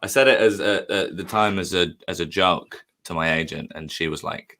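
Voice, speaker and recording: A comedian chatting casually on a stream, rambling with lots of fillers. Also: male voice, low-pitched, moderate pace, sharp tone, slight background noise. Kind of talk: casual chat.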